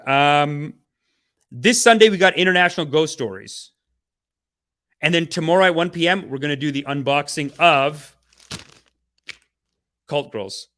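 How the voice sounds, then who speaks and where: A man hosts a livestream podcast at a fairly high pitch, talking in energetic slang and slipping into playful mock-spiritual preaching. His loudness swings widely.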